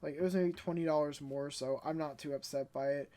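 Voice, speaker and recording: A young woman vlogging in a casual, animated storytelling way, stuttering when she gets worked up. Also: low voice, brisk. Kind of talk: casual ranting vlog.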